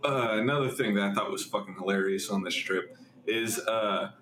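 A man's voice: on the low side, normal speed, fairly bright tone. Swearing young man in an echoey room. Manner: swears a lot, laughs often. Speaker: podcast host. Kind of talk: casual chat. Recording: echoey room with faint noise.

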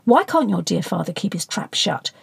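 Sneery hot-headed political boss guy, a lady reading him, gravelly and husky, dry close sound. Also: medium pitch, big pitch swings, moderate pace, no echo, full character voice. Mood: irritated. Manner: sneering, barking. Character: short-tempered scornful male political boss.

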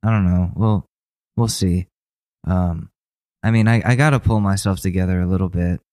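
A young man co-hosting a podcast, talking in a subdued, halting way with many restarts. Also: deep voice, darkish tone, no echo. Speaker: podcast co-host. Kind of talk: casual chat.

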